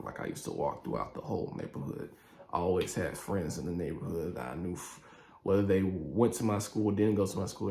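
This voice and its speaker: A man telling a story from his youth in a casual vlog, animated and slangy, acting out the scenes. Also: fairly low pitch. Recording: echoey room with faint music.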